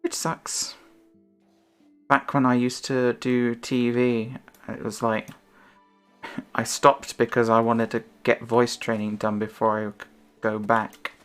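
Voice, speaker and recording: A woman's voice: a bass voice, measured pace, soft background music. Self-conscious woman streamer chatting casually. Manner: self-conscious, rambling, lively up-and-down intonation.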